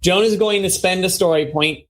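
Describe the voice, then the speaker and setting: A man running a tabletop role-playing game as game master, mixing rules talk with measured, descriptive narration. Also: high-pitched.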